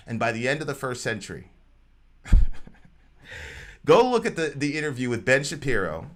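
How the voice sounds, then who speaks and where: A man's voice: medium pitch, big pitch swings, a little slow, pauses often. A man co-hosting a livestream talk show, preaching animatedly and acting out quoted voices. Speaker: show co-host.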